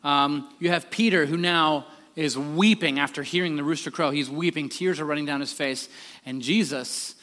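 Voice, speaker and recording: Pastor, male, high bright tone, casual sermon delivery with ums, reverberant hall. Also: normal speed. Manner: conversational preaching with frequent ums, dropping quiet for solemn moments.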